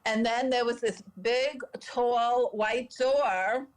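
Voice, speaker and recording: A woman with a somewhat high voice tells a personal story as a podcast guest. She speaks earnestly and with feeling, and her voice lifts when she acts out the people she quotes. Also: steady tone, slow pace.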